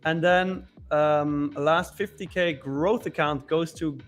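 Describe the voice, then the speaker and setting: A man's voice: on the high side, fairly even intonation, slow pace, faint music behind. A man co-hosting a live trading show, talking loosely, laughing and trailing off mid-sentence. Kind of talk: casual live-stream chat.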